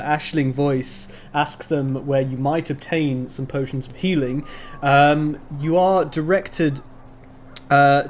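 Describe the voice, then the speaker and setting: A man's voice: a little high, a little hiss or hum. Rambling male game master. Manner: rambling, many ums and restarts. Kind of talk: narrating a tabletop game. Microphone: online voice call.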